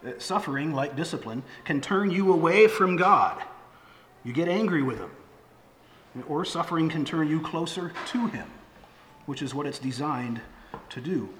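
A man's voice: a little high, lively intonation, normal speed, fairly bright tone, a little hiss or hum. A middle-aged man, a pastor, preaching a sermon in a conversational way, with fillers and restarts. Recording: echoey hall with faint ambience.

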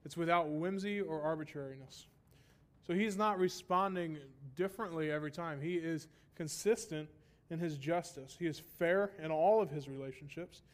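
Male Bible teacher, slightly high pitch, explanatory sermon delivery with emphatic repetition. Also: normal speed. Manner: explanatory, asks rhetorical "right?" often; stresses repeated phrases for emphasis.

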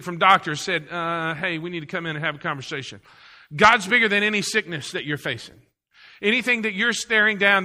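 A man preaching from the pulpit with a high, piercing, very bright voice. He drives his points home by repeating them and throws questions out to the congregation. His voice carries a long reverb tail through the church hall. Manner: repetitive, emphatic preaching with rhetorical questions to the congregation. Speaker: pastor. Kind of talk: sermon.

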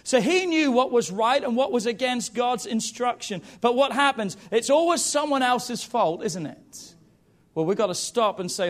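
A man in his thirties delivering a sermon with a notably high voice. He talks directly to the congregation, breaking off for playful asides before pressing his point. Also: moderate pace, hardly any pauses. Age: 30s. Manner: lively, jokey asides to the congregation. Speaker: preacher.

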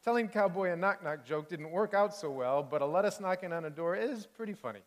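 A man, a pastor, reading a children's storybook aloud in a sermon with expressive, animated delivery. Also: sits high, a little fast, long reverb tail.

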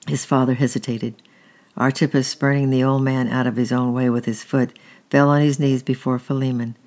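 A storyteller reading a historical tale aloud at an unhurried, steady pace, with a few slips. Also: mid-range voice.

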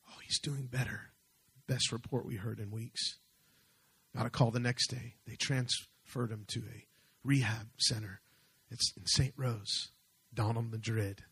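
A man preaching a sermon as pastor, fervent, slowing and swelling as he reads scripture. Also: medium pitch, fairly even intonation, bright, forceful tone, husky.

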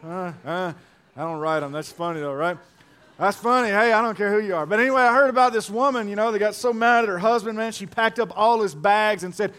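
A middle-aged male pastor with a notably high voice delivers his sermon. He is animated and playful, tells jokes, and drives points home by repeating them. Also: fairly quick.

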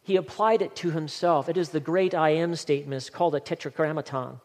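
A man's voice: on the high side, fairly quick, a little mellow, big-room sound. A male pastor preaching a sermon in an earnest, emphatic manner, reading scripture aloud.

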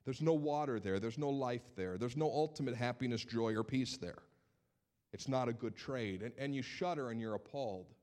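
A male pastor preaching a sermon, telling stories in an animated way and repeating words as he builds his points. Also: mid-range voice, moderate pace.

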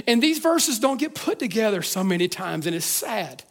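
High-voiced fervent male preacher. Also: very animated, moderate pace. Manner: earnest, swells from hushed to fervent, frequent restarts. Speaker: pastor. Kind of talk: sermon. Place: church service.

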